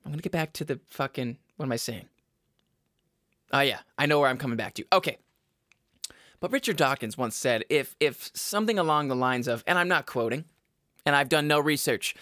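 A man's voice: fairly high pitch, sharp tone, dry recording. Rambling, profane young man on a dry mic. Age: young adult. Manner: rambling, profane, self-mocking, goes off on side notes. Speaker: podcast host. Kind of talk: casual solo podcast rant.

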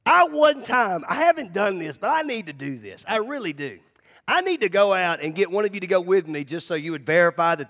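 Animated, high-voiced male pastor preaching. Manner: animated storytelling, repeats words, acts out voices. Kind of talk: conversational sermon.

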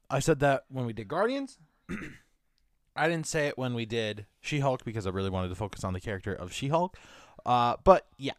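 A man's voice: medium pitch, animated, brisk, clean tone, no room sound, studio quality. A man hosting a podcast in casual chat, chatty and blunt, breaking into profane rants. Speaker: podcast host.

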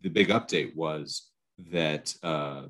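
A man co-hosting a podcast, chatting casually with wry jokes in quick bursts. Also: extremely low pitch, a bit bright. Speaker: podcast co-host. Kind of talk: casual chat.

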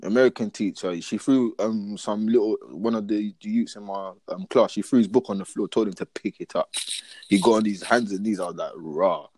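A man's voice: fairly low pitch, a little fast, no echo. A young man chatting casually, full of slang and forever asking whether you get what he's saying. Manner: animated storyteller, acts out his own lines. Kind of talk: casual podcast chat.

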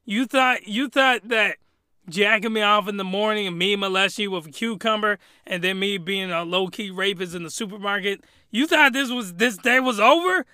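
A man's voice: high-pitched, normal speed, sharp tone, clear, resonant tone, no room sound, clean studio sound. A man quoting a smug, cocky male master. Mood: taunting. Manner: teasing and cocky.

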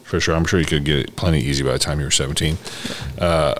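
A man in his thirties hosting a podcast, easygoing and quick to laugh as he chats. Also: extremely low pitch, fairly even intonation, a bit bright. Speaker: podcast host. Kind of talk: casual chat.

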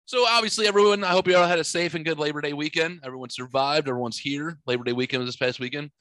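A man hosts a podcast, telling rambling, profane stories in casual chat. His voice is on the high side, fast and fairly bright, captured dry on a studio microphone.

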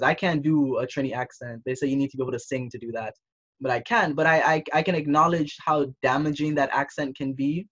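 Young caribbean guy thinking out loud, mid voice, kinda muffled dull audio. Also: medium pitch. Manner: reflective, thinking aloud with restarts. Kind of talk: casual discussion.

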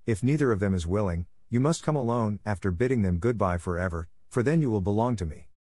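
A man's voice: lowish voice, expressive, fast, mellow, no room sound. A man voicing an angry, stern male beast who rules a palace, speaking in a grim, commanding way in an audiobook reading.

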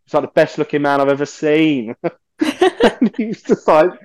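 A man, a podcast guest telling stories in a lively, swearing way and acting out the voices of people he quotes. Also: on the high side, normal speed, no echo. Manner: animated, swears often, acts out quoted voices. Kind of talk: casual storytelling interview.

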